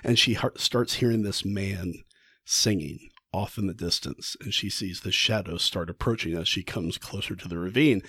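A man hosting a podcast, casually retelling a story with enthusiasm and frequent halting restarts. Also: low voice, fairly bright tone, husky, no room sound, clean studio sound. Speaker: podcast host.

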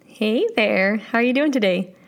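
Gravelly-voiced Canadian woman podcaster. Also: medium pitch, moderate pace, soft background music. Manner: friendly, conversational, asks the listener questions. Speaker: podcast host and life coach. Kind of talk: casual solo podcast talk.

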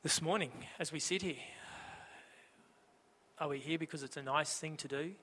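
A male pastor preaching in a relaxed, conversational way and asking rhetorical questions. His voice is high and bright. It carries a long church-hall reverb. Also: moderate pace, breathy edge. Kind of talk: sermon.

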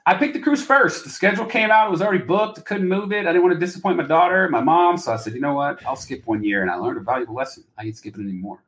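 A poker player with a fairly high, slightly bright voice chats fast and animatedly on a casual podcast, rarely pausing. He rambles and swears a lot, leaning on filler like "like," and the audio sounds roomy.

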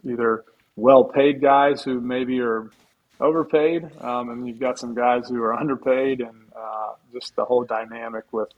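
A man's voice: medium pitch, fairly even intonation, moderate pace, narrow, tinny audio. Chatty middle-aged man telling stories. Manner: chatty, full of restarts and humble asides. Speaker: guest, former football player. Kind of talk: casual storytelling in a podcast interview.

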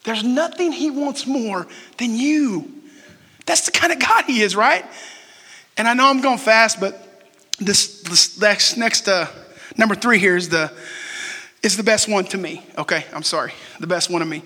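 Pastor, 40s, man, bright and forceful tone, casual sermon that quizzes the congregation. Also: sits high. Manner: conversational, asks the crowd questions and jokes. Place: church sanctuary. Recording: long hall reverb.

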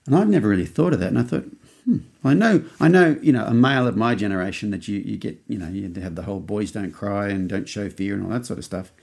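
An Australian man in his fifties hosts a podcast, telling a rambling story casually with many restarts and acted-out quotes. His voice is fairly low, fast, gravelly and a little mellow.

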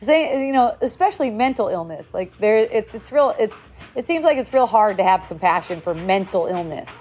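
A woman's voice: medium pitch, animated, normal speed, darkish tone, husky. Casual, blunt woman giving a spiritual talk. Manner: loose and conversational, frequent "like" and "right?", blunt swearing.

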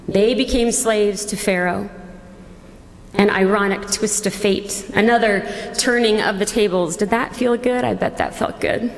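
A woman pastor preaching a sermon as a dramatic second-person retelling full of rhetorical questions. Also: medium pitch. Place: church. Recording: long church reverb.

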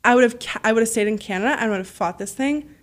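A woman telling stories as a podcast guest, animated and freely swearing, acting out the voices of people she quotes. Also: on the high side, very fast. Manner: heavy use of "like" fillers. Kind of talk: casual storytelling.

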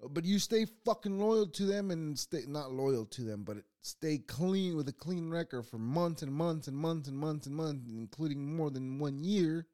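Profane ranting man with lively pitch. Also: normal speed, hardly any pauses. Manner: profane, rambling, animated swings in loudness. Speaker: channel host. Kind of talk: casual ranting monologue.

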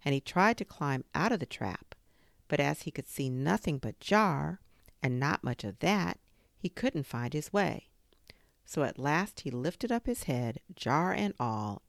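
A woman reading a children's story aloud as a storyteller, expressive and dramatic in her pacing. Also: very deep voice, unhurried, vocal fry, dry recording, studio quality.

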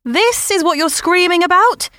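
An exasperated mother scolds her daughter in a raised, sharp voice, as a woman narrator puts her on. Her pitch sits mid-range. The sound is dry and close. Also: lively intonation, normal speed, dry recording, close to an everyday voice. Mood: scolding. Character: exasperated mother of a teen girl, stern.

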